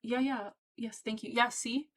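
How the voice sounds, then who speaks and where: A woman's voice: a little high, steady tone, moderate pace, low-quality recording. A woman giving a casual tarot reading to her viewers, talking in a chatty, emphatic and encouraging way. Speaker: tarot reader.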